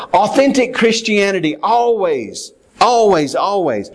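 A man's voice: fairly high pitch, darkish tone. A man preaching a sermon as pastor, earnest and given to repeating words as he reads scripture aloud.

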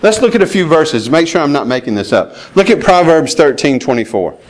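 A man's voice: fairly high pitch, very animated, brisk. Emphatic preaching man, lilt. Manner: plainspoken, emphatic, with chuckles and asides. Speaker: pastor. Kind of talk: sermon.

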